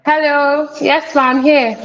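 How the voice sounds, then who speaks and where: A woman's voice: sits high, little pitch movement, measured pace, muffled recording, crowd noise. A young woman from Nigeria, a makeup artist, giving a conference talk in an instructive way and repeating her key points for emphasis. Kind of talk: conference presentation.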